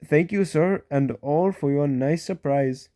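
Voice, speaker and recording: A man voicing a kind, very old male engine in a storybook reading, gentle and polite. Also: fairly high pitch, unhurried, close to an everyday voice. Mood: glad.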